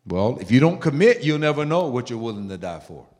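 A man preaching a sermon in an emphatic way, dropping to low murmurs and rising to loud high bursts. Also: big pitch swings, fairly quick. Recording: long hall reverb.

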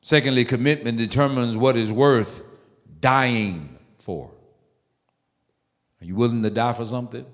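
A man preaching a sermon in an emphatic way, dropping to low murmurs and rising to loud high bursts. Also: unhurried, pauses often. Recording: long hall reverb.

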